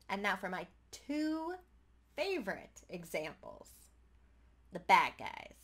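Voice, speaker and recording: A woman in her thirties talking to camera in an upbeat, chatty way, giving tabletop gaming tips in quick bursts. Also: fairly low pitch, expressive, fairly bright tone. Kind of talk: casual talk to camera.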